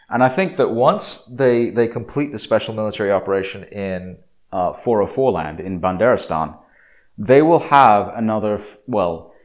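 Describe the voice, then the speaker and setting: A man talks through a long commentary monologue in a lowish voice. He is opinionated and emphatic, often restarting phrases and filling pauses with "uh" and "um" as he builds his case. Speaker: political commentator.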